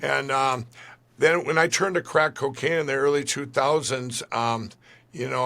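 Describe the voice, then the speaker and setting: A man's voice: a little high, bright, forceful tone. A man being interviewed, telling a long personal story in a rambling way, full of restarts. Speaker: guest. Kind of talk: conversational interview.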